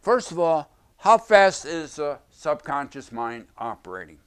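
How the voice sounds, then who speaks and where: A man's voice: on the high side, very animated, a little slow, fairly bright tone, clean tone. A man teaching in an explanatory video lecture, speaking emphatically and repeating his key phrases. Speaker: self-help teacher.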